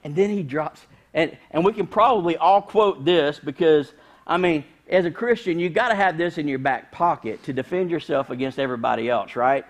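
A man, preaching a sermon in a conversational, humorous storytelling way with sudden loud bursts. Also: fairly high pitch, moderate pace. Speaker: pastor.

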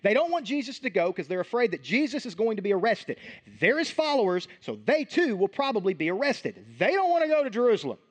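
A man's voice: high-pitched, big pitch swings, fast, hardly any pauses. A male pastor giving a sermon in a conversational way, acting out Bible scenes as he tells them.

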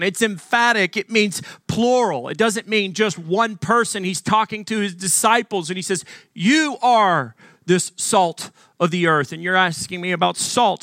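A man's voice: high voice, sharp tone, no echo, studio quality. A man from Arkansas preaching a sermon as pastor, earnest and emphatic, asking the congregation questions.

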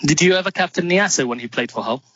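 A man's voice: high-pitched, lively intonation, fast talker, fairly bright tone. A man co-hosting a casual podcast, asking questions in a teasing, playful way. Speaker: podcast co-host. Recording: dull lo-fi sound.

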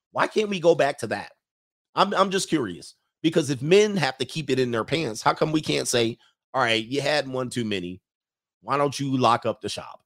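A man hosting a livestream, giving blunt, slang-heavy opinions on viewer comments and laughing between his points. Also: mid-range voice.

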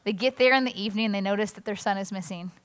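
A woman pastor giving a conversational sermon in an animated, chatty way, acting out quotes. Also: medium pitch, racing, clean tone. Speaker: executive pastor. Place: church auditorium. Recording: reverberant church hall.

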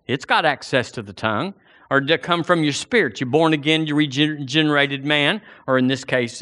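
A preacher man delivers a fervent sermon. His voice sits a bit high with lively, swooping pitch and a bright, forceful tone. He hammers his points and pushes up toward near-shouts. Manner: impassioned, emphatic, rising to near-shouts.

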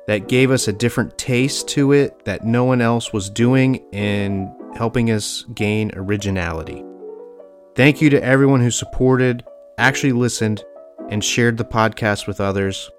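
A young adult man hosting a podcast, earnestly reading farewell thank-yous from notes with small slips. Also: mid-range voice. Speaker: podcast host.

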